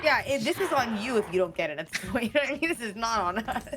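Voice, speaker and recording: A woman's voice: on the high side, fast talker, loud music behind the voice. Giggly young woman spinning a tale. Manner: giggly, animated storyteller. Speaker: streamer's guest player. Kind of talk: casual gaming chat, improvised storytelling.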